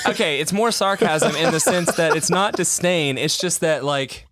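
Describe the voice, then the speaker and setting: A man's voice: on the high side, normal speed, a bit bright. Rambling, laughing man on a podcast. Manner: rambling, self-mocking, laughs often. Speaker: podcast co-host. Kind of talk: casual podcast chat.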